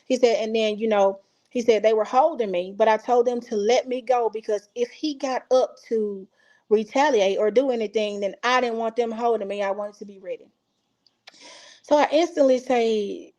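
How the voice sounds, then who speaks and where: Here the interview guest, a Texas mother, speaks at a normal speed in a mellow voice that runs a little high. She recounts something from her own life conversationally, dramatizing the quoted exchanges with feeling.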